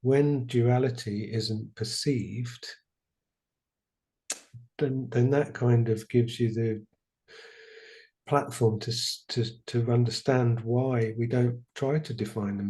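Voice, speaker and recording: Mellow-voiced thoughtful male host. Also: mid-range voice. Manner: thoughtful, searching for words, halting. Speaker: podcast host. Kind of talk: reflective spiritual conversation.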